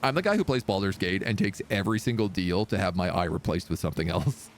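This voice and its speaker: A man's voice: deep voice, expressive, fast talker, slight background noise. Joking man streaming a pirate game. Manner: joking, reads game text aloud. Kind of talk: live gameplay commentary.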